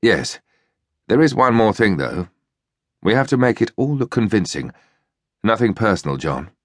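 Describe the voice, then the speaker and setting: A man voicing a brisk, ruthless upper-class army officer with a plummy voice, in an audiobook. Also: fairly low pitch, sing-song, dry recording, clean studio sound. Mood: dry.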